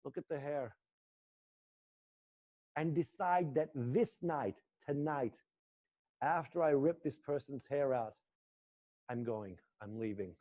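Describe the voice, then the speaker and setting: A male acting teacher guiding students through an intense exercise, swinging between low muttered lines and loud coaching. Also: takes it slowly, long pauses, muffled recording. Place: indoor room.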